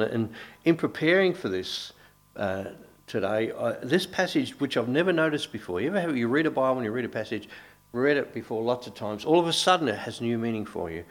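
A man's voice: medium pitch, animated, fairly quick. A middle-aged man preaching a sermon in a conversational way, with asides and restarts.

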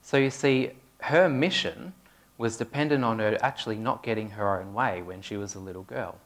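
A man's voice: lowish voice, moderate pace. A man giving a conversational sermon, asking his congregation questions as he goes. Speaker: preacher. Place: church hall with a congregation.

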